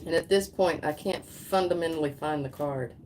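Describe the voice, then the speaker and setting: A woman's voice: low voice, normal speed, a little mellow, a little hiss or hum. A woman hosting a psychic livestream, chatting casually and laughing often as she pulls oracle cards, drifting through restarts and trailing thoughts. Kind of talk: casual livestream talk with card reading.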